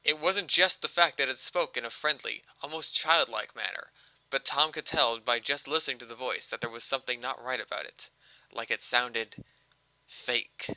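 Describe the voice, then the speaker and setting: A man reads a story aloud to friends in an animated voice, breaking off now and then for jokes. His tone is very bright and sharp. The sound is close and dry, from a desktop mic on a voice call. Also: medium pitch, no echo, rough recording. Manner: animated, quick reading with asides. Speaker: story reader.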